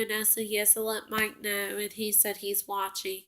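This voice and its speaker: A woman's voice: mid-range voice, completely flat delivery, moderate pace, gravelly, a bit bright. A young woman casually telling a personal story, rambling with many fillers and self-corrections.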